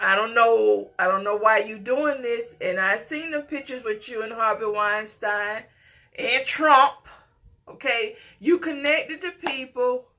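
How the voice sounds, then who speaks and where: A woman's voice: medium pitch, bright, forceful tone. A middle-aged woman giving an impassioned, scolding personal commentary, at times tearful and pleading. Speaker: commentator reacting to a news story.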